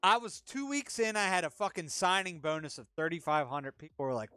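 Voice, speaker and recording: A man's voice: lively intonation, a little fast, sharp tone, clean tone, no echo. A man in his twenties co-hosting a podcast, telling a crude story and acting out other people's lines. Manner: profane, acts out quoted voices in a lower pitch. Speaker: podcast co-host.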